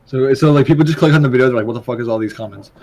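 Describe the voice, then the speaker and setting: A man's voice: medium pitch, rapid-fire, a crowd in the background. Laid-back young guy co-hosting a podcast. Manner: laid-back, laughs often, swears casually. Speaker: podcast co-host. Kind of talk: casual podcast chat.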